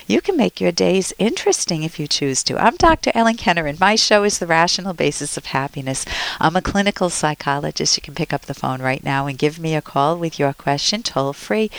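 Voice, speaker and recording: An older woman hosting a radio advice show talks in a chatty, gently encouraging way. Her voice sits low with a gravelly edge, and she sometimes slips into playful acted-out quotes. The recording is dry and close. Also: dry recording. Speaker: radio call-in psychologist host.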